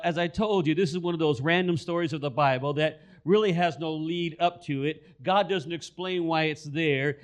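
A man preaching a sermon, telling a story and repeating key phrases for emphasis. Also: a little high. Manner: storytelling, acts out quoted voices.

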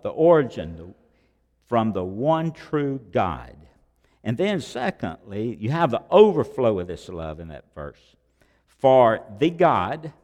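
Animated preacher man in a reverberant hall. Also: mid-range voice. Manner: emphatic, repeats key phrases, rises and drops in volume. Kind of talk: sermon.

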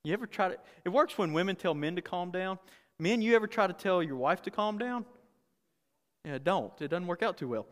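A pastor preaching a candid, conversational sermon with humor and frequent restarts. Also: male voice, sits high, animated, a little fast, a bit bright, in a large hall.

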